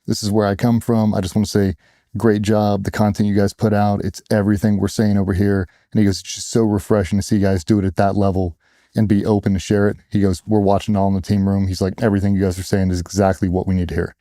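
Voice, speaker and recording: A man tells a personal story candidly in an interview, blunt and plainspoken, acting out other people's lines and quoting what they said. His voice is on the low side, level and dark, and he talks fast in a dry, studio-quality recording.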